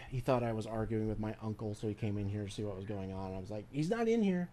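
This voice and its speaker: A man's voice: on the low side, fairly even intonation, fast, dark tone. A man streaming a game, talking casually in a rambling, profane way, often restarting his sentences. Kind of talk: casual commentary while playing a game.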